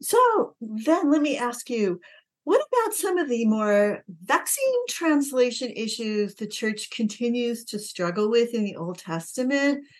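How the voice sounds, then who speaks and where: A woman's voice: a little high, sing-song, unhurried. A woman host interviewing a guest, affirming her points and asking questions. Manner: affirming, encouraging.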